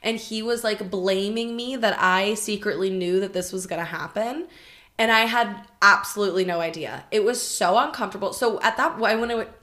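A woman appears as a podcast guest and shares a candid personal story in casual conversation. She's animated, swears, and fills her speech with "like," speaking in a mid-range voice at normal speed.

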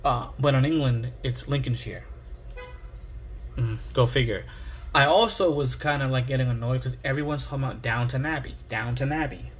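A man's voice: mid-range voice, fairly quick, slight background noise. A man from the United States hosting his own podcast, rambling casually, swearing and making fun of himself. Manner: rambling, profane, self-mocking. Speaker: podcast host.

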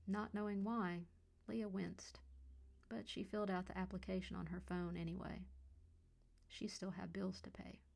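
A woman host reading her own short story aloud as scripted narration, calm and measured. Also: medium pitch, vocal fry. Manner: calm, hushed and ominous at the close.

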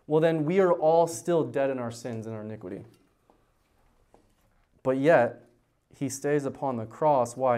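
A man preaching a verse-by-verse sermon as a youth pastor, animated, swinging from loud high emphasis to low quiet points, often repeating words as he starts a sentence. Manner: animated, rises in pitch and volume for emphasis, drops low on key points.

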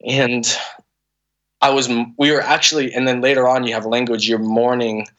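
A man in his thirties speaks as a guest on a podcast, sharing a personal story. His voice sits in an ordinary middle pitch, and his delivery is earnest and emotional, full of stops, restarts and fillers as he works through what he wants to say. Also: level tone, normal speed, a bit bright. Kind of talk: candid conversational storytelling.

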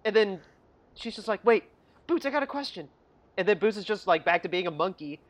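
Casting: chatty, giggly film podcaster who acts out scenes, mid-pitched voice. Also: lively intonation, brisk. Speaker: movie review podcast co-host. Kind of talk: casual chat.

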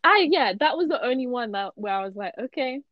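A woman's voice: fairly high pitch, lively intonation, fast, no room sound, dull audio. A young woman co-hosting a film review chat, easygoing and agreeable, laughing along. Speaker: podcast co-host reviewing films. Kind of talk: casual chat.

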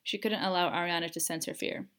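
A woman narrating a fan fiction audiobook with measured, expressive storytelling. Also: lowish voice.

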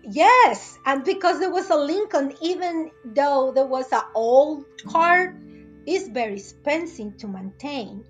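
Chatty middle-aged woman w/ spanish accent, high voice, bit of music behind. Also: a little slow. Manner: lively, bubbly and talkative. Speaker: interviewee. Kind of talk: personal storytelling.

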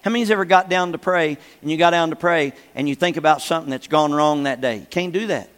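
A pastor, an older man, preaches quickly in a fairly high, fairly bright voice, with a long hall reverb on the recording. His teaching sermon is emphatic, with repeated phrases and regular requests for the congregation's amen.

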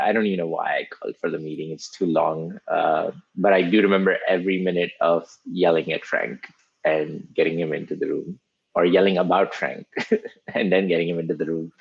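Husky low-voiced man telling a story. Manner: rambling, self-conscious, repeats himself. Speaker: podcast guest recalling a workplace clash. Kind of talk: casual podcast storytelling. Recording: slightly dull, muffled sound.

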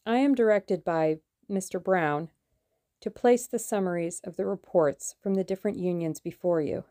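A woman reading an audiobook, voicing a businesslike male German conspirator with a clear voice. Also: lowish voice, normal speed, mellow, dry recording, clean studio sound, natural voice. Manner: crisp, matter-of-fact.

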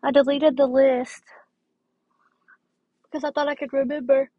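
A woman's voice: sits high, little pitch movement, moderate pace, dry recording, muffled recording. Tired-sounding young woman chatting casually. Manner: chatty, rambling, with fillers and restarts. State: tired, dry throat. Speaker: podcast host. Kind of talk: casual advice podcast.

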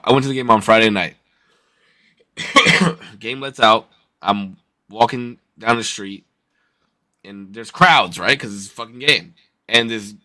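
A man co-hosting a podcast, telling a story in a loose, profane, animated way. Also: medium pitch, dry recording. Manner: profane, animated, swears constantly. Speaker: podcast co-host. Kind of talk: casual storytelling.

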